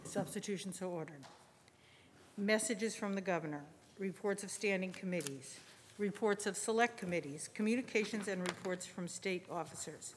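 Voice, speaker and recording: A woman presiding over a legislative session in a measured, formal manner. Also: medium pitch, slight background noise. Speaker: presiding officer. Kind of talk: formal parliamentary procedure. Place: large legislative chamber. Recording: long reverb of a large chamber.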